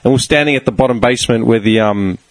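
A man with a slightly congested nose, telling animated stories in casual chat, swearing and laughing often. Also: medium pitch, racing, no echo, rough recording.

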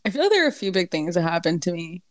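A woman's voice: lowish voice, very fast, dry recording, studio quality. Bubbly young woman in her twenties. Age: 20s. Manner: bubbly, joking, animated. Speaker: podcast co-host. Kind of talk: casual chat.

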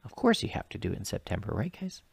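A man's voice: lowish voice, huge pitch swings, rapid-fire, creaky, breathy edge, no echo. A man hosting a podcast, talking casually and breaking off for joking asides. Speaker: podcast host. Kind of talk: casual chat.

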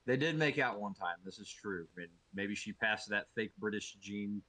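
Male comedy-podcast co-host, forceful, bright tone, dry close mic, mock outrage. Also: fairly low pitch, normal speed, no echo, low-quality recording. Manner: animated, profane, mock-outraged. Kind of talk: casual comedic chat.

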